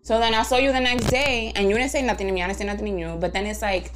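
A woman hosting a podcast, telling a story in a casual, animated way with lots of swearing and laughter. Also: mid-range voice, very fast, background noise. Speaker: podcast host. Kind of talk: casual chat.

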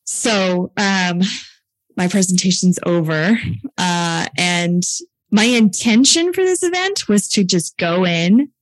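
A young adult woman and filmmaker telling a story in casual chat, full of "like" fillers and quick laughs. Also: lowish voice, animated, dry recording, poor audio. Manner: chatty, many "like" fillers, laughs often. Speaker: filmmaker and producer.

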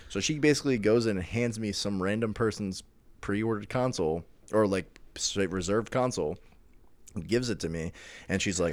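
A man's voice: lowish voice, moderate pace, a bit bright, dry recording. A man co-hosting a podcast, telling a long story in casual chat with lots of fillers and restarts. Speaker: podcast co-host.

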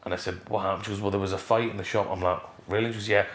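Scottish man, middle-aged, lower voice, animated storyteller, roomy echo. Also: racing, a little hiss or hum. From Scotland. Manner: animated storyteller, leaps up in pitch for emphasis. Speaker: guest. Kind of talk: casual interview chat.

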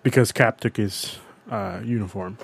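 A young man co-hosting a casual podcast chat, excitable and swearing as he defends his picks. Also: fairly low pitch, moderate pace, creaky, slightly rough. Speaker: podcast co-host. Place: lives in New York.

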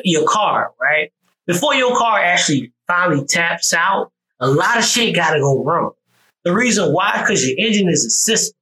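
Southern guy, bright voice, rambly animated storyteller, swears some, faint clicks behind. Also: sits high, a little hiss or hum, rough recording. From US South, Georgia. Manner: animated storytelling with repeated restarts; profane, conversational. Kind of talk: casual podcast conversation.

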